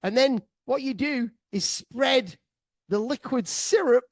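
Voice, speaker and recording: A man telling a sweary comic travel story to his listeners, excitable, laughing often and swearing freely. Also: extremely high pitch, slow, no echo. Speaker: podcast storyteller.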